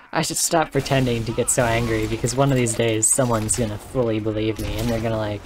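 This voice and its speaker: A man with a hoarse, worn-down voice gives rambling, excitable live commentary while streaming a game from his room. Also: mid-range voice, fast, over music. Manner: rambling and excitable, joking and laughing. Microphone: desk microphone.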